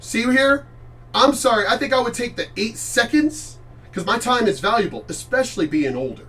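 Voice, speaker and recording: A middle-aged man gives casual reaction commentary in a high voice, blunt and full of swearing. He rambles and restarts his sentences. He sits some distance from the mic. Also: expressive, normal speed, sharp tone. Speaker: channel host reacting to clips.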